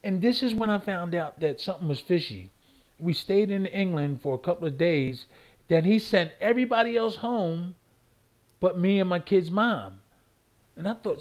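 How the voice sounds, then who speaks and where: Man from philly, slightly high voice, retells his story and repeats lines. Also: animated, normal speed, a little mellow. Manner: re-enacts phone calls, repeats himself. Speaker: interviewee, former boxing champion. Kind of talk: animated storytelling in an interview.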